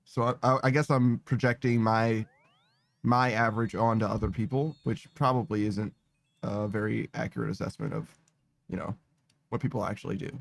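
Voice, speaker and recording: A man's voice: fairly low pitch, steady tone, normal speed, gravelly, dry recording. A man streaming a game, chatting casually with his viewers, rambling, laughing often and swearing. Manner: giggly, rambling, self-mocking, swears a lot. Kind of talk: casual live-stream chat while gaming. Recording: dry close mic with faint music behind.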